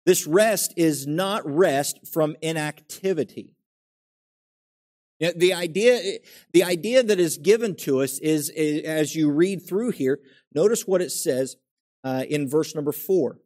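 A man's voice: a little high, measured pace, darkish tone. A middle-aged male pastor preaching a conversational sermon, asking his congregation questions and acting out everyday quotes.

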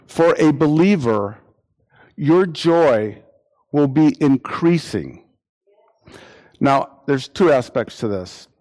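A man preaching a sermon, repeating phrases for emphasis and acting out imagined quotes in lively voices. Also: a little high, slow, long pauses.

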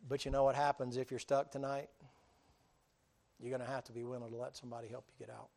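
A man preaching a storytelling sermon, folksy and animated, acting out voices and breaking into sudden loud bursts. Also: mid-range voice, fast talker, vocal fry.

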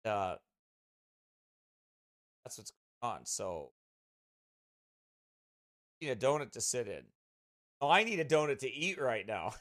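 A man's voice: medium pitch, big pitch swings, measured pace, long pauses, fairly bright tone, no echo. A man who pastors, chatting casually with his streaming congregation in a rambling way, full of restarts, speaking close to a desk mic beside his streaming computer.

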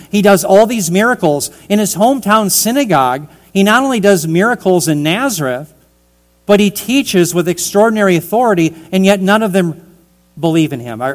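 A man preaching in a fairly high voice, building each point with emphasis as he explains a scripture passage. He speaks warmly and directly to his listeners as dear ones. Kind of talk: expository sermon.

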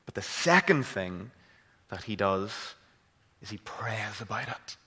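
A man's voice: lowish voice, lively intonation, slow, pushed and bright, long reverb tail. A man with a Northern Irish accent preaching a sermon, earnest and building to impassioned emphasis. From Northern Ireland.

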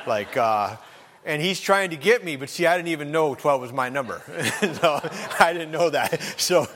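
A man's voice: on the high side, normal speed, a bit bright. A man preaching a sermon, telling folksy stories and rising into emphatic appeals. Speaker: pastor. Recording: long hall reverb.

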